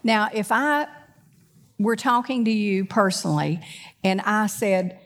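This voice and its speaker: A woman preaching a sermon. She swings between loud, emphatic preaching and quick conversational asides, often putting questions to the congregation. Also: mid-range voice.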